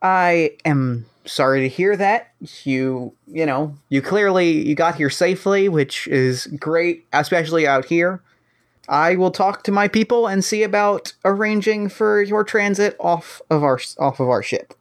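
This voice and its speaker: A tabletop player voicing a sly, polite male rebel agent who speaks in a measured way. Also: mid-range voice, lightly acted. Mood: falsely polite.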